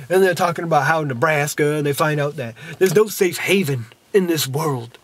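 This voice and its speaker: A man's voice: on the high side, brisk, breathy edge. A man casually reviewing a TV episode for his fans. He refers to himself by a nickname in the third person, in a goofy, folksy way.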